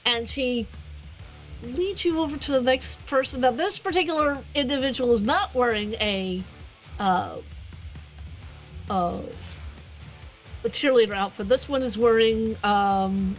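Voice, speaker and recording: Rambling woman game master, higher voice. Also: measured pace, pauses often, faint music behind, rough recording. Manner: rambling, frequent fillers and laughs. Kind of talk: narrating a tabletop game.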